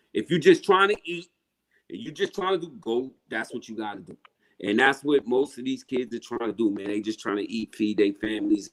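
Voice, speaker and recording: A man's voice: mid-range voice, poor audio. A middle-aged man, a rapper guest telling stories in a casual interview, emphatic and profane with street slang.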